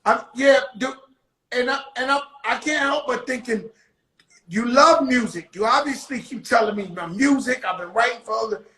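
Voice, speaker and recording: A man's voice: extremely high pitch, moderate pace, bright, forceful tone, roomy sound, poor audio. A man interviewing a guest in loose, joking street slang, swearing freely and teasing. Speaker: interviewer, rapper. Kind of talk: casual interview chat.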